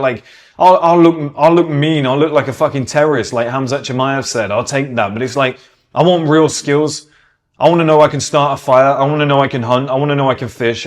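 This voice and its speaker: A British man giving a casual, opinionated monologue. He talks with emphasis, swears freely and acts out the people he quotes. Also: medium pitch. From Britain. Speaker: podcast host.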